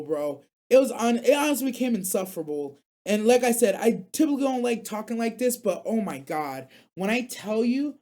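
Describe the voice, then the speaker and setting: A man's voice: high voice, a little mellow. A man hosting a live anime radio stream, chatting casually in a rambling, slangy way and reacting to chat while recovering from being sick. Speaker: radio show host.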